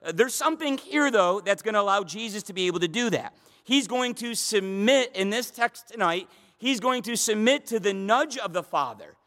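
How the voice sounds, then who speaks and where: A man's voice: sits high, animated, moderate pace, fairly bright tone, big-room sound. A man preaching a sermon as pastor, impassioned and pleading, often repeating words for emphasis.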